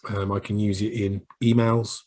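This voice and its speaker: A man's voice: lowish voice, little pitch movement, moderate pace, warm tone. A man with a Brummie accent giving a casual solo video training on marketing, chatty and rambling with self-deprecating asides. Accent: Birmingham English (Brummie). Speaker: small business marketing coach. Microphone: recording himself on camera.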